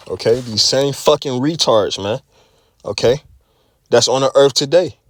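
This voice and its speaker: This religious speaker talks in a mid-range, fairly bright voice, sharing his faith testimony in an offhand style. His speech is profane and repetitive, padded with "you know," "man," and "okay."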